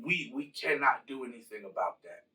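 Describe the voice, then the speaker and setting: A man's voice: mid-range voice, lively intonation, normal speed, pushed and bright, recorded from a distance, pitched below the performer's own voice, rough recording. A man voicing aloof, rule-bound elder gods who speak formally and repeat themselves. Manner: stiff, formal, repetitive.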